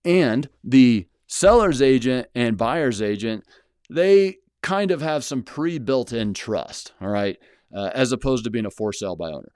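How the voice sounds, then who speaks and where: A man's voice: medium pitch, animated, measured pace, a little mellow, clean tone, no room sound, clean studio sound. A man hosting his own channel, talking casually and bluntly to the camera, rambling with many fillers and restarts. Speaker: channel host, house flipper. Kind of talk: casual solo talk to camera.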